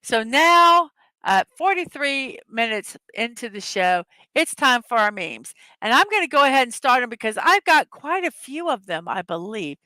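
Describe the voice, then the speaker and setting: A woman hosting a daily morning show in a casual, upbeat, chatty way, reading puzzle words slowly one at a time and greeting her viewers. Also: a little high, big pitch swings, bright, forceful tone, no echo. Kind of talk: casual livestream chat, reading puzzle words and memes aloud.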